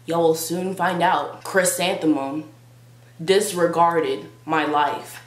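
A woman's voice: sits low, fairly even intonation, slow. A young woman vlogger telling a comic story in a dramatic, sarcastic, exaggerated way. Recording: roomy with faint hum.

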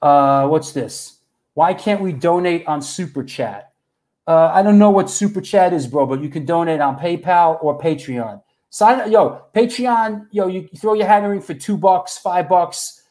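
A man hosts a casual livestream and talks straight to his viewers. His voice sits a little high. He chats loosely and throws in bro and yo. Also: measured pace, warm tone. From New York. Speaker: host.

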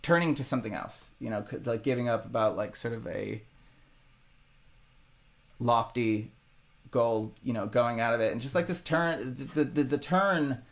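A man musician talking casually about his own songs, halting and rambling with many restarts. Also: mid-range voice. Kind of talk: casual reflective monologue.

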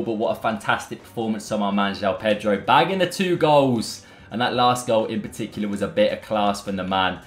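A young man giving excitable live commentary on a football video game, full of banter and calling viewers lads and boys. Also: medium pitch. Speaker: gaming YouTuber. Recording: roomy echo, faint background music.

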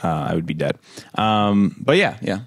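A young man co-hosting a podcast, talking in a deadpan, joking way in casual chat. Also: fairly low pitch, moderate pace, dry recording, studio quality. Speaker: podcast co-host.

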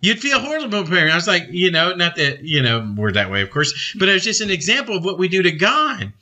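Bright, earnest male preacher. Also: high voice, fairly quick. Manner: earnest, animated, rambling with many fillers. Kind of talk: informal devotional teaching.

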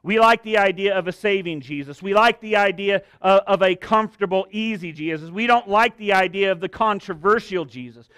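A man's voice: high voice, brisk, few pauses, a bit bright, clear, resonant tone, no echo. A man preaching an expository sermon, earnest and direct, reading scripture and adding joking asides.

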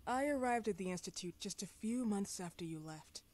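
An actress playing a composed female doctor who answers in a calm, measured way. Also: medium pitch, lightly acted. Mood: cool. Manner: calm, measured, cool replies.

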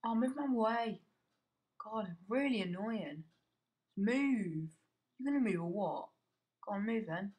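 A man's voice: sits high, expressive, takes it slowly, pauses often, a little mellow. A teenage boy giving casual gameplay commentary. He mutters to himself, swears, and yelps whenever something startles him. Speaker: gamer.

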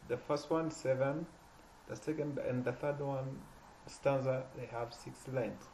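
Halting man teaching a poetry lesson. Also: steady tone, dark tone, slight background noise, low-quality recording. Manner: halting, repeats and restarts words, stresses words with rising pitch. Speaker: literature teacher.

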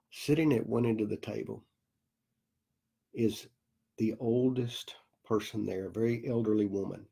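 A male pastor telling a story in a sermon, slow and deliberate with long dramatic pauses. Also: on the low side, gravelly, mellow, slightly rough. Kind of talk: sermon storytelling in a recorded Bible study.

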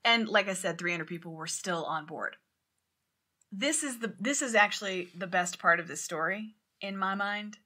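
A woman co-hosting a podcast, telling a story in casual chat, animated and swearing as she acts out quotes loudly. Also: medium pitch, normal speed. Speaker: podcast co-host.

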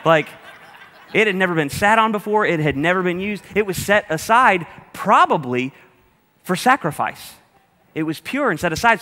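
A man preaches to his congregation in a loose, humorous, chatty way. His voice sits a little high and sounds bright and forceful. The sound carries the long reverb of a church hall. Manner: humorous, conversational, speaks directly to the congregation. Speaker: pastor. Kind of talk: sermon.

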